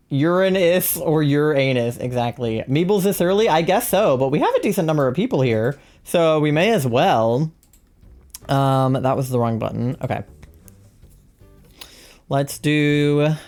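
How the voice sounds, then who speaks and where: A woman with an unusually low voice chats loosely on a live stream while she plays. She rambles, answers chat and talks to someone off-mic. Faint music hums behind her. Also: darkish tone. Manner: chatty, rambling, reads chat aloud.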